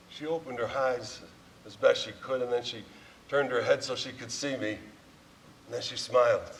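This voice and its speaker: A man with a gravelly, medium-pitched voice and moderate pace performs a sincere personal monologue on stage, chuckling frequently. The recording is distant, with faint room ambience.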